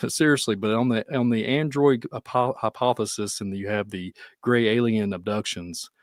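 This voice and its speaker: A man with a Kentucky accent hosting a podcast, talking in a rambling, animated way with frequent laughs. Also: fairly low pitch, moderate pace, no echo, clean studio sound. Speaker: podcast host. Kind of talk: casual conversation.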